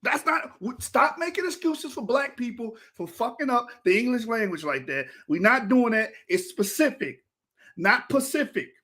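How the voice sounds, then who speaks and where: A man's voice: very high-pitched, animated, normal speed, hardly any pauses, bright, forceful tone. A man hosting a reaction video, talking casually in an exasperated, ranting way and breaking into laughter.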